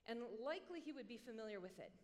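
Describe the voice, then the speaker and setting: High-voiced woman preaching, chatty and jokey, long echo in a hall. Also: fast. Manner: animated and conversational, joking asides. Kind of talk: sermon.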